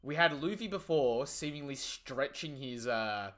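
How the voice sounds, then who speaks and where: A young man reacting live in loose, slangy chatter that swings from excited bursts to mumbled asides. His voice has a bright, forceful edge, and he swears casually as he riffs. Medium pitch overall. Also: unhurried.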